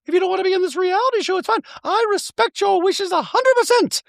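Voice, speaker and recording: A man doing a comedic impression of a haughty, defensive rich woman in a shrill falsetto, mocking her. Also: lively intonation, fast, vocal fry, fairly bright tone, dry recording, studio quality, heavily acted. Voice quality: high falsetto. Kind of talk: comedic impression in podcast recap.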